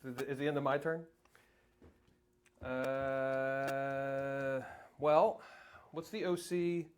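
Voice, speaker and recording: A man in a relaxed live-streamed tabletop match, talking through the rules as he goes and working them out aloud. His voice sits at an ordinary middle pitch. A faint hiss runs under the recording. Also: very slow. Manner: thinks aloud while checking rules. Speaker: tabletop wargame player. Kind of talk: casual live-streamed game chat.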